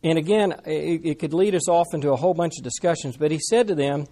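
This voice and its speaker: Man, pastor preaching, a bit high-pitched, conversational storytelling. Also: quick pace. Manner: conversational, animated storytelling with asides to the congregation. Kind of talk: sermon.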